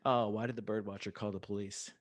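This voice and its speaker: Talking fast in a lowish, flat voice, this man co-hosts a podcast and recaps a movie in a loose, rambling way. He fills it with filler words and laughs, acts out lines from the film, and there's no room sound.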